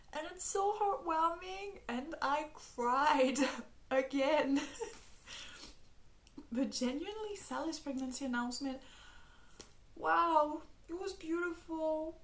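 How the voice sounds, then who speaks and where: A young woman whose first language is French chats through a casual book review vlog in a high, bright-sounding voice. She gushes and laughs often, swearing casually as she talks, and the room around her rings with noticeable echo. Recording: echoey room.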